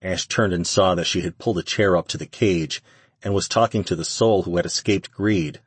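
A man reads the narration of an audiobook in a steady, even manner. His voice is very deep and husky. The recording is close and dry, with no room sound. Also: moderate pace, no echo. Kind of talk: scripted narration.

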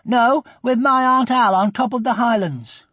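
A man voicing a bossy, blunt young schoolgirl in an audiobook, with a husky edge. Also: extremely high pitch, a little slow, a bit bright, dry recording, voice pushed up, exaggerated voice. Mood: eager. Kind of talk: audiobook character reading.

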